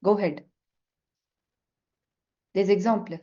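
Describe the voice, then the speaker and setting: A woman's voice: medium pitch, fairly even intonation, takes it slowly, dark tone. A middle-aged woman teaching French in an online class, switching between English and French. She explains step by step, patiently. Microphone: video call. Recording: slightly dull lo-fi call audio.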